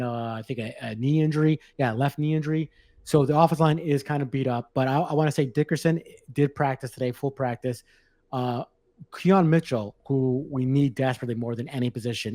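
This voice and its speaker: A man's voice: mid-range voice, warm tone, no room sound. A man co-hosting a sports podcast in casual chat, rambling and blunt, with lots of restarts. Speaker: podcast co-host.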